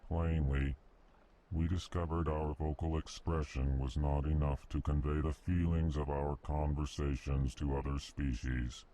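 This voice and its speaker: A man voicing a calm, formal elephant-like alien ambassador in a video game, in a flat monotone that labels every emotion. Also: rumbling low, unhurried. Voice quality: flat monotone, names each emotion before speaking.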